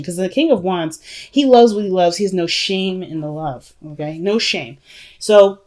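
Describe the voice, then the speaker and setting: A tarot reader gives her viewers a casual reading in a lowish, darkish voice at normal speed. She's chatty and emphatic, calling them "family" and "y'all" and often tossing in "you know" and "right?".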